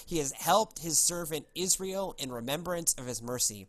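A man's voice: a little high, lively intonation, moderate pace, a bit bright, dry recording. A man hosting a casual podcast, chatting loosely with many fillers and reading scripture aloud. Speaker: podcast host.

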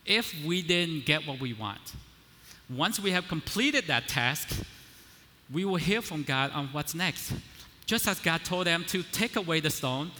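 A male preacher with a bright, forceful, slightly high voice delivers a conversational sermon, often checking in with his listeners. He builds up to emphatic declarations, and his voice rings with a long reverb in a large hall.

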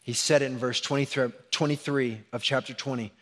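A man preaching a sermon in a church, animated, acting out sarcastic asides before dropping to a hushed, intense tone. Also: mid-range voice, moderate pace. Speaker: pastor. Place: church sanctuary.

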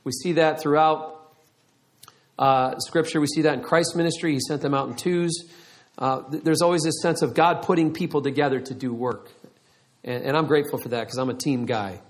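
A middle-aged man preaching a sermon, telling a story with lively acted-out quotes. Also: fairly high pitch, moderate pace. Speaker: pastor.

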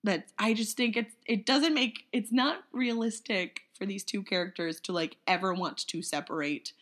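A woman chatting casually about a movie, animated and jokey. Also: medium pitch, normal speed. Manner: animated, jokey, does silly voices.

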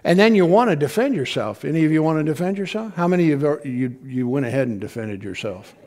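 In a church sanctuary, a middle-aged male pastor gives a conversational sermon, often chuckling and posing questions to the congregation. His voice is fairly high and darkish, animated and quick.

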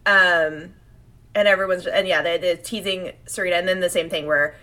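A woman co-hosting a casual podcast chat, animated and laughing often as she acts out quotes. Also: fairly low pitch, normal speed. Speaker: podcast co-host. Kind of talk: casual chat comparing anime versions.

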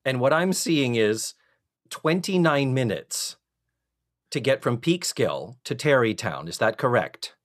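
Animated, exasperated male podcaster. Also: medium pitch, a little slow, no echo, clean studio sound. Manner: animated, exasperated, swears for effect. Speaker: podcast co-host. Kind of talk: casual chat recapping a TV show.

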